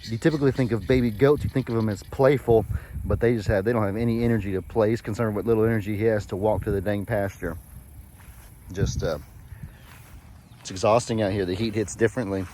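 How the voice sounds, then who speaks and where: A man's voice: lowish voice, steady tone, fast talker, dark tone, slight background noise. A man with a Texan accent, chatting casually on his farm vlog in an easygoing, rambling, folksy way. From Texas. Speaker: farm vlogger.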